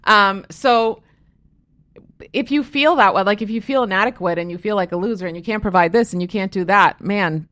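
A middle-aged woman speaking in a candid interview, earnest and emphatic. Her voice sits at an ordinary middle pitch, and she leans into her points with conviction. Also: normal speed, fairly bright tone. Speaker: guest author and speaker.

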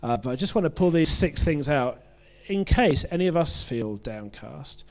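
A man from the UK with a British accent, preaching a sermon in a relaxed, conversational way, joking at his own expense and often restarting his phrases. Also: fairly high pitch, moderate pace. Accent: British English. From United Kingdom. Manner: conversational, self-deprecating, with frequent restarts.

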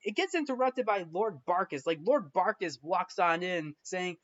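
Man, casual film recap, rambling with lots of restarts; higher voice, muffled lo-fi sound. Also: animated, normal speed, hardly any pauses, fairly bright tone. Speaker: film reviewer. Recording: dull lo-fi recording.

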